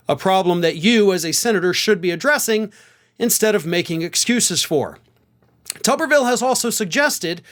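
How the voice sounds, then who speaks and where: A man from the American South hosting political commentary, sarcastic and animated, with lots of rhetorical questions. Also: high voice.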